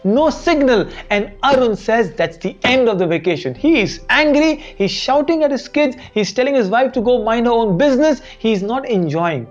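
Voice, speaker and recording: Lively Indian English woman teaching. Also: a little high, moderate pace, hardly any pauses, highs cut off, faint music behind. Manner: animated, asks the audience rhetorical questions. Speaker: education show presenter. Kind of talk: motivational lesson to the camera.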